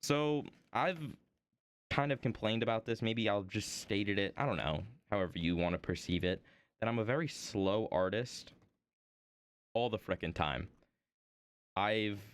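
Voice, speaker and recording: A young man with a New York accent chats idly on a stream while crafting. His low, smooth voice wanders through jokey, self-mocking tangents. The sound is close and dry, with no room around it. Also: dry recording. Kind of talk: casual rambling chat while crafting.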